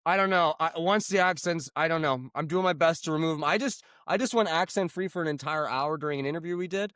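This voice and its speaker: A man's voice: fairly high pitch, quick pace, a bit bright, no room sound, clean studio sound. A man from the United States co-hosting a podcast, chatting casually and telling stories in a joking, profane way. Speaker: podcast co-host. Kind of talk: casual chat.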